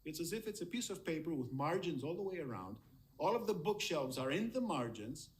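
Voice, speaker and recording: A man's voice: on the high side, sing-song, a little fast. A man giving a lecture on medical history over slides, admiring and emphatic, often repeating words for stress.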